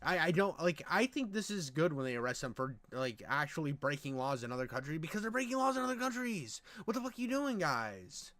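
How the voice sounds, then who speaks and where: A man's voice: a little high, sing-song, a little fast, hardly any pauses, fairly bright tone, dry recording. A man doing casual reaction commentary, rambling, crude and exasperated. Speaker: reaction streamer.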